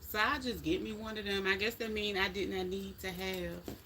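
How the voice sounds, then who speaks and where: A middle-aged woman talks casually on her live stream with a bright, sharp tone. She is chatty and folksy and speaks straight to her viewers. There is a faint hum of room noise behind her. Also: medium pitch, fairly even intonation, moderate pace. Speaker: livestream host chatting with viewers.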